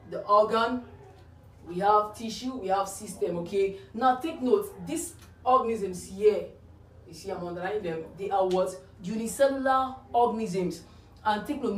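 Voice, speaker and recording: A woman's voice: mid-range voice, slight background noise. Woman tutoring, quizzing the listener. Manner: asks rhetorical "what?" questions and answers them; checks understanding with frequent "okay?". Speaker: biology tutor. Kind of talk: exam-prep lesson explaining answers. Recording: roomy, distant mic, faint ambience.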